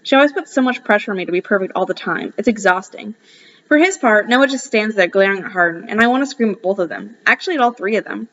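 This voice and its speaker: A woman's voice: medium pitch, lively intonation, quick pace, fairly bright tone, slight background noise. Woman reading a novel aloud, lo-fi. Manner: casual, breaks off for asides. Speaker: audiobook reader. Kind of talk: first-person novel narration.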